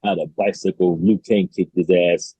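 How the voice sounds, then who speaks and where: A young man with a very deep, husky, mellow voice talks in a laid-back, slangy way. The recording sounds dry and a little dull. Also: fairly even intonation, normal speed, no room sound. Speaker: podcast guest. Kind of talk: casual chat.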